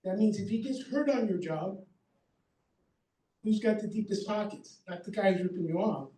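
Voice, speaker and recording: Emphatic high-voiced man in a roomy hall. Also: normal speed, mellow. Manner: emphatic, numbered points, keeps asking "okay?". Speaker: contractor speaking at a seminar. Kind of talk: practical advice talk to an audience. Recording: roomy hall, mic far off.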